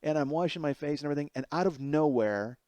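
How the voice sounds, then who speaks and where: Animated, profane man telling a story alone. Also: fairly high pitch, fast, clean tone, no room sound. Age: 40s. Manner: animated, profane, self-mocking, swinging from loud to mumbled. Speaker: podcast host. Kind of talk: solo comedic storytelling.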